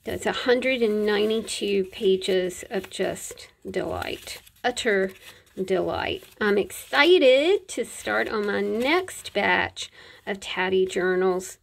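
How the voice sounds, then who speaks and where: A middle-aged woman chats her way through a show-and-tell of handmade journals. Her voice has a gravelly edge, and she talks slowly and unhurriedly, wandering off with fillers. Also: medium pitch. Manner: chatty, warm, rambling with fillers. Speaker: crafter showing handmade journals. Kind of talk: casual show-and-tell vlog.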